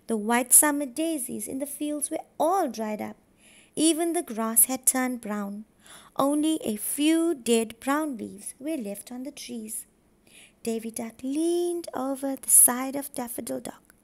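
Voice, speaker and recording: A preschool teacher, a woman, reading a storybook aloud to young children in a slow, clear and careful way. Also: high voice, darkish tone.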